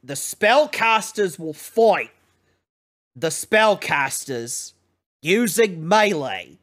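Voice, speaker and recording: A man voicing a crude, slow-witted male combat professor who swears constantly and talks bluntly. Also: sits high, lively intonation, fairly bright tone, exaggerated voice. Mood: gruff.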